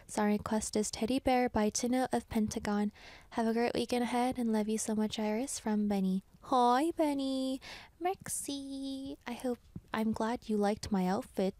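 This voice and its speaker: A woman's voice: fairly high pitch, mellow, no echo. A young woman hosting a radio show, chatting casually in a bubbly, giggly way and reading out listener messages on a studio microphone.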